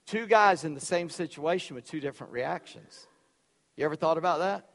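A man preaching a sermon, loud and emphatic, dropping suddenly to quiet for effect. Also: on the high side, expressive, moderate pace, gravelly, big-room sound. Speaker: pastor.

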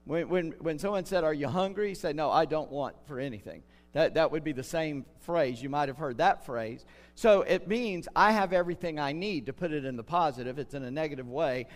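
An older man from the United States, preaching a sermon as pastor in an earnest way, slowing down to stress key words. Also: on the high side. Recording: long hall reverb.

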